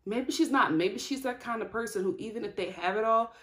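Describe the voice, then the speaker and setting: A young woman giving a casual, chatty TV episode review as a vlogger, laughing often and going off on animated asides. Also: on the high side, fairly quick. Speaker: TV recap vlogger.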